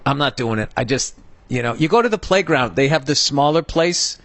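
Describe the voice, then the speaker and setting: A middle-aged man from the United States hosting a podcast, telling a story as a comedic rant, profane, heated and animated. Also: mid-range voice, brisk, dry recording. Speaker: podcast host.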